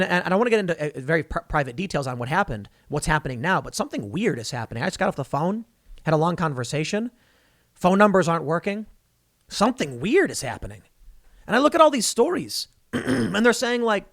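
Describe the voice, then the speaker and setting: A man in his thirties holds forth in a rambling, opinionated political commentary monologue, his voice pitched a little high and swinging up and down animatedly. The sound is dry and close, with no room around it. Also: fairly bright tone, no room sound.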